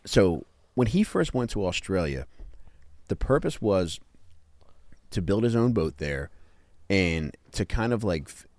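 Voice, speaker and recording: A man's voice: deep voice, sing-song, a little slow, pauses often, darkish tone, no echo. A man hosting a casual podcast, retelling a story with crude jokes and lots of swearing. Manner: crude, joking, profane storyteller. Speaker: podcast host telling the story.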